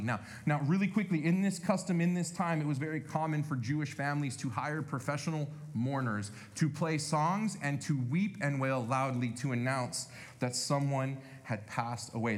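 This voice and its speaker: A pastor preaching a conversational sermon, speaking to the congregation directly and animatedly. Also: male voice, mid-range voice.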